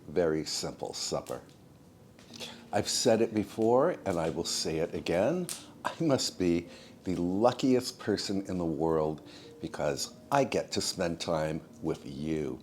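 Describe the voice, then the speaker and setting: A man narrating his own home cooking vlog in a soft-spoken, unhurried and homey way, speaking to his viewers as friends. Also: low-pitched, expressive, a little hiss or hum.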